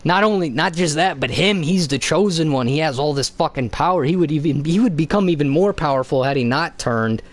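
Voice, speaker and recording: A man's voice: on the high side, brisk, few pauses, dry recording. A man streaming a video game, rambling in casual chat with heavy swearing and lots of fillers.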